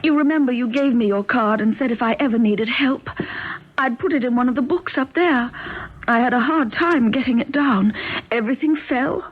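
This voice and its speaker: A frightened British countess, voiced by a woman, who pleads and begs with a British accent. Her voice sits fairly high, breathy and husky, and jumps around in pitch. The sound is thin and tinny, like an old radio broadcast. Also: normal speed, natural voice. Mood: earnest. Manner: desperate, pleading, tearful. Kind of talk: 1970s radio drama acting.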